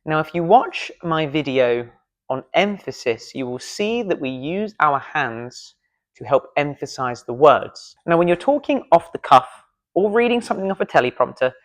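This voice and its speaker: In a casual video lesson filmed in a studio, a man coaches public speaking, demonstrating gestures as he goes. He's playful and self-deprecating, and his voice is fairly high.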